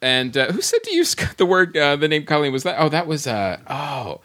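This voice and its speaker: A man's voice: a little high, sing-song, moderate pace, bright, forceful tone. A man hosting a casual podcast, reading listener comments aloud and laughing often as he goes. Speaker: podcast host.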